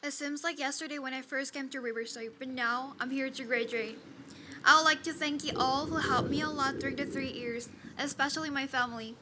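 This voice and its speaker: A young woman in her late teens giving quick, eager graduation thanks. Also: high voice, fairly even intonation. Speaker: graduating student. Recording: noisy outdoor recording.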